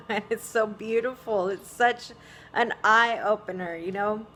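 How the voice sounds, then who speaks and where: A middle-aged woman speaks in a gentle, musing way. She fills her talk with "you know" and soft little laughs. Her pitch sits in an ordinary middle range. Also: a little hiss or hum. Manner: reflective, soft-spoken, many "you know"s and small laughs. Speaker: vlogger. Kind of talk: casual spiritual monologue.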